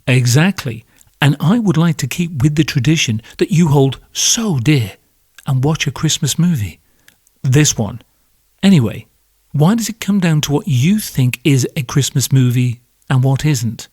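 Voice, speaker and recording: A man's voice: a little high, expressive, a little slow, darkish tone, breathy edge, no room sound, studio quality. A man hosting a podcast, delivering a sarcastic comedic monologue that builds into sweary rants. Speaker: podcast host.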